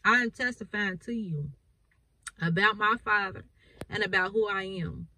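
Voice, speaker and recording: A woman's voice: mid-range voice, measured pace, bright, forceful tone, a little hiss or hum, poor audio. A woman preacher, reading scripture and explaining it with emphatic repetition. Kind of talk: bible reading and sermon.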